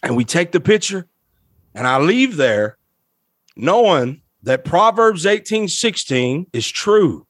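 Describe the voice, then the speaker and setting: Male guest storyteller, lively pitch swings, dry close sound, emotional and laughing. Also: slow pace, no echo. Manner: animated, emotional, laughs often. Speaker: guest, musician. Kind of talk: storytelling anecdote.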